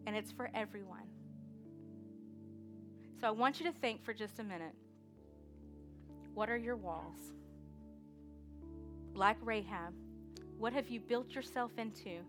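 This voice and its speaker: A woman preaching a sermon with energetic call-and-response exhortation. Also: mid-range voice, unhurried, pauses often, music in the background.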